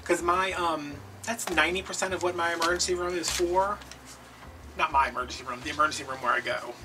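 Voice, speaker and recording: A man telling a long casual story while he crafts at home, chatty and animated. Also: a little high, fairly quick, background noise. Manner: animated, chatty, slips into quoted voices. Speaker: craft video host. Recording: distant mic with background music.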